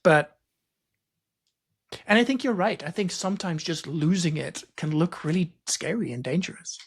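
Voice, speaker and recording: A man hosting a podcast interview in a casual conversational way, telling stories with lively acted-out quotes. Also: on the high side, normal speed, breathy edge. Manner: lively storyteller, acts out quoted lines. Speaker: podcast host.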